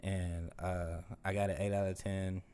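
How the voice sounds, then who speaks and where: A young man, a rapper, talking casually in an interview in a laid-back, unhurried way, with many pauses. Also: low-pitched, flat delivery, mellow, a little hiss or hum. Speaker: rapper guest.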